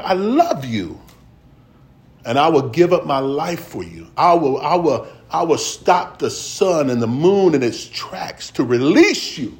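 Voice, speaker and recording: A middle-aged man preaching a sermon, moving between slow scripture reading and quick, folksy stories broken up by laughter. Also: mid-range voice, darkish tone. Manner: reads scripture slowly, then tells stories quickly and laughs; folksy and conversational with slang.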